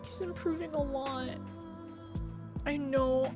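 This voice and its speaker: A woman streaming a game live, reacting with excited, giggly, emotional commentary. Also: mid-range voice, a little slow, over music.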